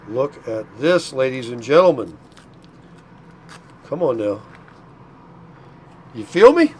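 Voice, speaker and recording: A man's voice: medium pitch, slight background noise. An older man chatting casually while cooking at his RV, folksy and a little out of breath. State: tired, short of breath. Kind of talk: casual vlog chat to camera. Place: RV park, indoors and out.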